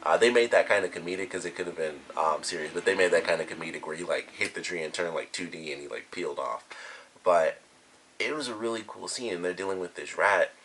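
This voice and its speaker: A man's voice: low voice, fast, a bit bright, slight background noise. A man giving a casual spoken review of a cartoon episode, retelling scenes in a loose, rambling way full of "like" and "you know". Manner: rambling, filler-heavy retelling.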